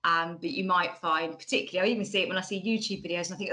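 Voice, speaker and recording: Woman, 40s, Bracknell Mockney accent, bright and lowish voice, chatty conference speaker on a laptop mic. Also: quick pace, few pauses, poor audio. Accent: Bracknell, Mockney-like estuary. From England. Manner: chatty, frequent ums and restarts. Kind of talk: online conference talk.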